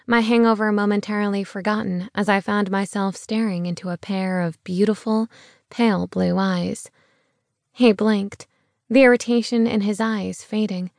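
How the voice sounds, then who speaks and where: Woman audiobook narrator, slow and expressive, first-person romance, dry close studio sound. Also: mid-range voice, no echo. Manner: expressive, wry heroine voice, hushed asides.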